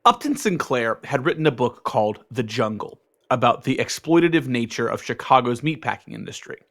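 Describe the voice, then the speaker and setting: A man's voice: medium pitch, expressive, a little fast, vocal fry, a bit bright. A man co-hosting a podcast, chatting casually and narrating with sarcastic jokes. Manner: joking, sarcastic. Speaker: podcast co-host.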